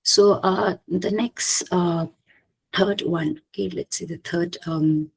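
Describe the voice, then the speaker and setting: A woman giving an academic slide presentation, hesitant, often pausing with "okay" and restarting her phrases. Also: lowish voice, steady tone, vocal fry, slightly rough, low-quality recording. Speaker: conference presenter.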